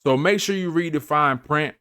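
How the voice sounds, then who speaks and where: A man's voice: fairly high pitch, normal speed, bright, forceful tone, smooth, no room sound, studio quality. A man hosting a finance channel, giving casual, emphatic advice to camera in a slangy way, often checking in with "you feel me". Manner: slangy, repeats phrases, asks "you feel me"; emphatic, preachy.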